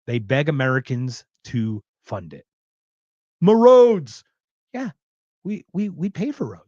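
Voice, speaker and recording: A man's voice: mid-range voice, sing-song, moderate pace, husky, no echo, highs cut off. A man hosting a podcast, ranting and joking in casual, profane chat. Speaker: podcast host.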